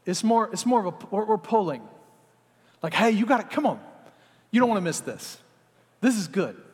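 A man preaching a sermon to a congregation, animated and acting out little scenes as he talks. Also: high-pitched, normal speed, husky. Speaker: pastor. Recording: long hall reverb.

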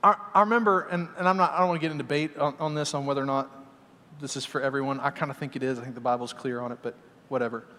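A middle-aged man preaching a lively sermon, moving between loud exhortation and quiet asides. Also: mid-range voice, racing. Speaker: pastor. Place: large church sanctuary. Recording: hall reverb in a church.

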